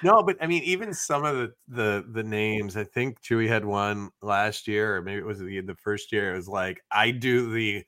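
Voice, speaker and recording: Brief: low but bright-toned man, podcast co-host, wry teasing banter. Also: normal speed, hardly any pauses, no echo. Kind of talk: casual podcast chat.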